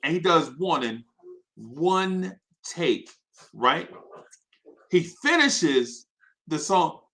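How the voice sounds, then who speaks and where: A man's voice: fairly high pitch, extremely slow. A man hosting a live show, telling an anecdote with energy and checking in with his audience as he goes. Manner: energetic, restarts a lot, checks in with "right?". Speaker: host.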